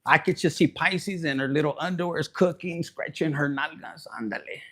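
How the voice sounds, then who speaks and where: A man's voice: on the high side, steady tone, moderate pace, a bit bright. A man giving a raunchy, joking live tarot reading, slipping in Spanish. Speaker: tarot reader.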